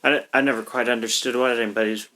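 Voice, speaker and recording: Man, bright voice, casual profane storytelling, podcast chat. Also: mid-range voice, fairly even intonation, fast talker.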